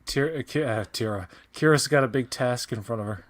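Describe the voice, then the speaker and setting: Deadpan, mock-grumbling male co-host. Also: medium pitch, a little fast. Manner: dry jokey banter, mock grumbling. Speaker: co-host of a watch-along commentary. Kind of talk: casual commentary chat.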